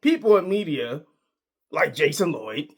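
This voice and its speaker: A man's voice: a little high, very animated, unhurried, breathy edge. A man giving a casual, emphatic sports opinion monologue, full of slang and repeated points. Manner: emphatic, repetitive, slangy, argumentative. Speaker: sports commentator.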